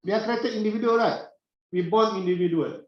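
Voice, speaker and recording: A middle-aged man giving a classroom lecture, unhurried and repetitive, with many "uh" pauses and questions to the class. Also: high voice. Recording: very echoey, dull classroom recording.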